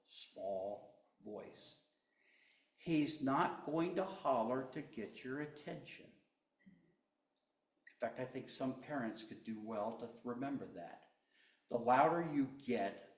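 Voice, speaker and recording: A man preaching a sermon, slow and deliberate, swinging between loud emphasis and hushed tones. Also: medium pitch, reverberant. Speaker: pastor.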